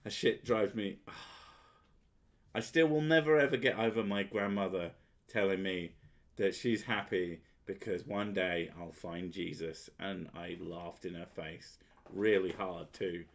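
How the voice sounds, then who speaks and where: A man's voice: low voice, slow pace. A man hosting a casual chat, sweary and sardonic, often laughing at his own jokes. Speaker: podcast host.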